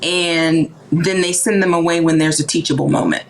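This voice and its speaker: Animated low-voiced woman in casual talk. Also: normal speed, poor audio. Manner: animated, acts out quoted voices. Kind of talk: casual conversational discussion.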